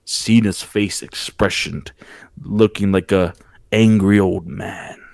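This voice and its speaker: This deep, gravelly-voiced host talks slowly as he recaps wrestling on a casual podcast. Full of energy, he throws in exaggerated wrestler impressions and keeps stumbling and repeating himself. No room sound can be heard.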